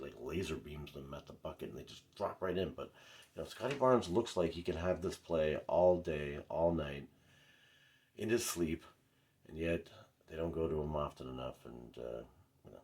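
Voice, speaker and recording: Deep-voiced rambling male sports fan. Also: darkish tone. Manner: rambling, frustrated, lots of fillers. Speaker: fan commentator. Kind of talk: casual sports recap vlog.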